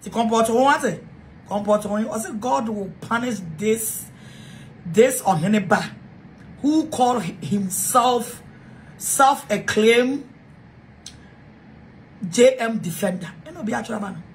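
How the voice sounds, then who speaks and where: A Ghanaian woman with a Ghanaian accent fires off a heated, repetitive rant, jumping between English and Twi. Her voice sits on the high side. A faint hiss of noise runs under the recording. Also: slow, pauses often. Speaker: self-styled preacher. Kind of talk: angry rant to camera.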